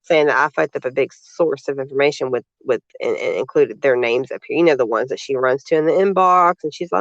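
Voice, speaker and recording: A man's voice: medium pitch, fairly quick, few pauses, fairly bright tone, no room sound, dull audio. A man reading social media posts aloud and commenting on them in a sarcastic, indignant manner. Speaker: vlogger.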